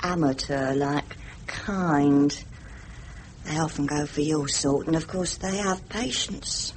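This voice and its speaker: An actress playing a brisk, worldly prostitute with a blunt, mocking, businesslike manner, in 1950s radio drama style. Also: female voice, low voice, darkish tone, a little hiss or hum, low-quality recording. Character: brisk worldly London prostitute, middle-aged woman.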